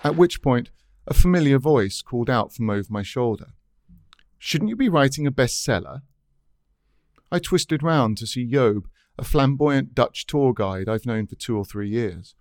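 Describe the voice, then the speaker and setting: A man narrates his own essay in a dry, wry manner. His voice sits at an ordinary middle pitch. The recording is close and dry, with no room sound. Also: normal speed, dry recording. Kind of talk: scripted narration.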